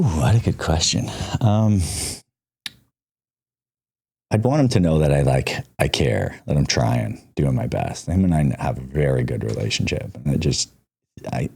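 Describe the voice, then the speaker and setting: Very deep, husky man telling stories. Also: animated, normal speed, dark tone. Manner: loose, frequent "like", swears freely. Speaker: podcast guest. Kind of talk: casual storytelling.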